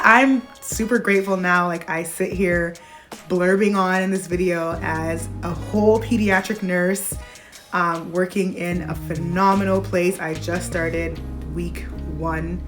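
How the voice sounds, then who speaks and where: Lively young woman telling her story. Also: lowish voice. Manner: animated, giddy storytelling with laughs. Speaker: vlogger, pediatric nurse. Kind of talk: casual storytelling to camera.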